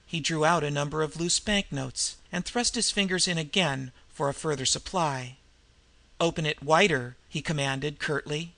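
A man's voice: fairly high pitch, normal speed, creaky, hardly any pauses, pushed and bright, no echo. A man narrating a suspense story as an audiobook reader, dramatic storytelling. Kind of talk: scripted narration.

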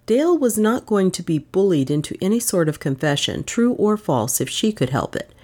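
A woman reading a novel aloud as an audiobook narrator, with expressive storytelling. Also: low voice. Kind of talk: scripted narration.

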